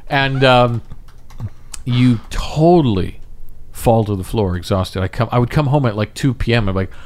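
A man's voice: mid-range voice, normal speed, darkish tone. A middle-aged man, a voice actor, chatting casually on a podcast in a jokey, profane way. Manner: jokey, profane, slips in and out of impressions. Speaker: voice actor guest.

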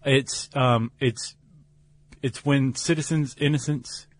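A man's voice: medium pitch, takes it slowly, no echo. Playful American man co-hosting a podcast. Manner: relaxed, playful, rambling with restarts. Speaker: podcast co-host. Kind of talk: casual chat.

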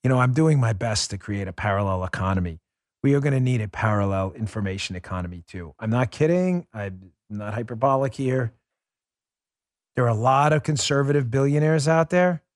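A man's voice: mid-range voice, expressive, fairly quick, no echo, studio quality. Emphatic, sarcastic male political podcast host. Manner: emphatic, sarcastic, rambling asides. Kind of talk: conservative political commentary with host-read ad.

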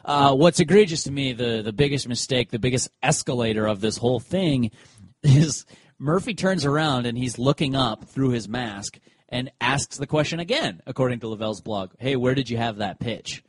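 A man's voice: medium pitch, normal speed, breathy edge, no echo. Man retelling a game on a dry mic. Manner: animated storyteller who acts out quotes. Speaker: podcast co-host. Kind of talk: casual sports chat.

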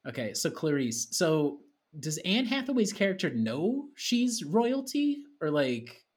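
A man's voice: on the high side, big pitch swings, measured pace, husky. A man co-hosting a podcast, talking casually and often repeating words as he starts a thought. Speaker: podcast co-host. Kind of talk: casual chat.

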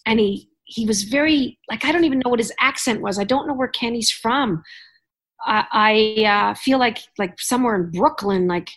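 Chatty woman, rambling warmly. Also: on the high side, moderate pace. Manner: chatty, rambling with many restarts. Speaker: podcast host. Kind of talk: casual chat.

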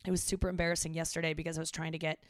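A young woman hosting a podcast, telling a story in an animated, exasperated way and swearing now and then. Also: sits low, very fast, no echo, studio quality. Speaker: podcast host. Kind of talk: casual monologue. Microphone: studio mic into a mixing board.

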